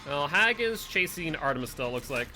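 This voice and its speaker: A man streaming a game live, chatting casually with his friends and chat, full of "like" and quick asides. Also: a little high, very animated, bright, forceful tone, faint music behind. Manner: chatty, filler-heavy, talks to chat and friends.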